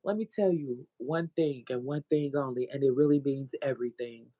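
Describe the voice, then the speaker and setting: A woman, a podcast guest and author, telling an animated, profane story of her faith. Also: rumbling low, normal speed, no room sound, dull audio. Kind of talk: casual testimony.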